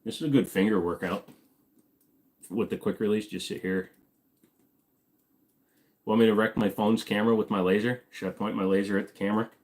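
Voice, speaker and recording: A man's voice: fairly low pitch, steady tone, brisk, long pauses, darkish tone. Casual, rambling male livestream host. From Virginia, US. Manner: rambling, joking, talks while fiddling with gear. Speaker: livestream host answering chat questions. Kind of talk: casual live Q&A chat.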